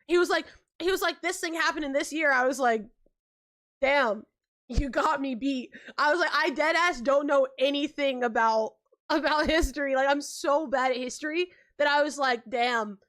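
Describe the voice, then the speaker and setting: High-voiced chatty young woman streamer. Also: normal speed, fairly bright tone. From California. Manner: chatty storytelling, acts out quotes, laughs often; says like a lot. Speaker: livestream host. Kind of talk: casual livestream chat.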